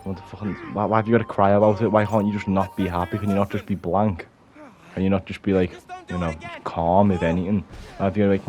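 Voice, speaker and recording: Deep-voiced swearing man ranting. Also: flat delivery, fast, warm tone, slight background noise. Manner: swearing, blunt, ranting with frequent restarts. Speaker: vlogger. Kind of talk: unscripted rant to camera.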